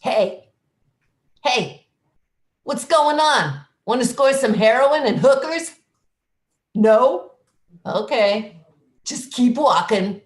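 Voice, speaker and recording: A woman doing a pushy, wisecracking stoop-sitter who heckles everyone walking by, with lively swings in her higher voice. She speaks slowly, and the room behind her sounds echoey. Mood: heckling. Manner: pushy, sardonic street heckling. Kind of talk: improvised comedy reading. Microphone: video call.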